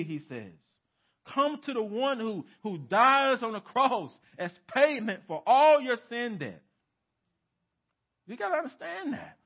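Male pastor, emphatic sermon delivery, dynamic and questioning, slightly high voice, dull lo-fi church recording. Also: big pitch swings, measured pace. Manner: emphatic, swings from loud to hushed, rhetorical questions. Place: church sanctuary.

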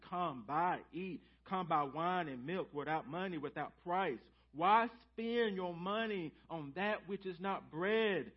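High-voiced preacher, loud then hushed. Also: male voice. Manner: dynamic, swings from loud emphasis to hushed near-whispers. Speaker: pastor. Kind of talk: sermon. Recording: slightly dull lo-fi church audio.

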